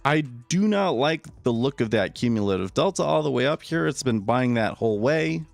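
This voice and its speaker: A man's voice: mid-range voice, expressive, normal speed, gravelly, no echo, faint music behind. A man streaming live trading commentary, casual and opinionated, often repeating words as he starts a sentence. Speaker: day trader streaming live.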